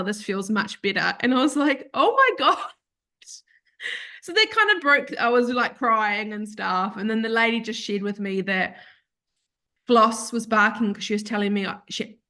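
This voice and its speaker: A woman's voice: medium pitch, fairly bright tone. A woman, a podcast guest, telling a heartfelt personal story in a rambling, self-correcting way that turns tearful at times. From Australia.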